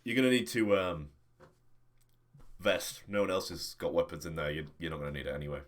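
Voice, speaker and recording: A man's voice: sits low, a little fast. A man running a tabletop game over a stream, flustered and laughing at technical trouble. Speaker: game master.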